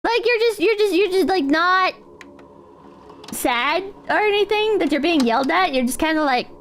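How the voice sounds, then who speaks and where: A woman's voice: extremely high pitch, lively intonation, normal speed, a bit bright. A young woman streaming a video game, chatting casually with sarcastic, rambling asides and mock insults. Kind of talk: casual gameplay commentary. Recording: clear background noise.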